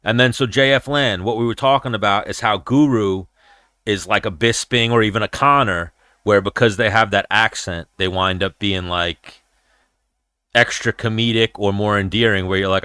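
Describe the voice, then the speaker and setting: A man's voice: fairly low pitch, normal speed, pushed and bright, smooth, no room sound, studio quality. A man hosting a casual livestream chat while watching fights, blunt, profane and rambling. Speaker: podcast host.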